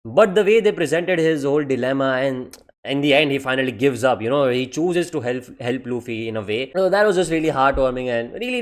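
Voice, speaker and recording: A man rants through a casual manga review in a slightly high voice, excitable and full of swearing. He says "man" at the end of almost every sentence and mocks characters in quick put-on voices.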